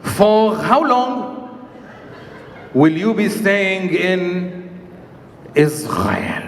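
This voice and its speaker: A man voicing a stern male border security officer who asks slow, deliberate interrogating questions, heard from a live stage. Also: extremely high pitch, bright, forceful tone. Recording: echoey hall with live audience.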